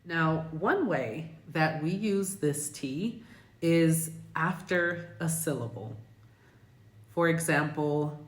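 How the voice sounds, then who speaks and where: A woman's voice: deep voice, slow, roomy sound. An American woman teaching English pronunciation, speaking carefully and repeating example words. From United States. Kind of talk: pronunciation lesson.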